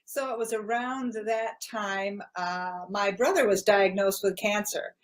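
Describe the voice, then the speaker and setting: Older woman interview guest, mid-pitched, matter-of-fact storyteller. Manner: earnest, matter-of-fact, many "uh" pauses.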